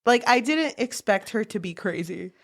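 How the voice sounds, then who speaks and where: Young woman, casual podcast co-host; animated recap, laughs easily, mid pitch. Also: normal speed. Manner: animated retelling, laughs often, swears casually. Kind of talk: casual book discussion.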